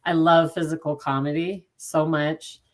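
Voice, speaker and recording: A woman co-host with a low-pitched voice, chatting casually. She reacts with eager enthusiasm, her words tumbling out in quick bursts when something excites her. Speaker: podcast co-host. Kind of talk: casual chat.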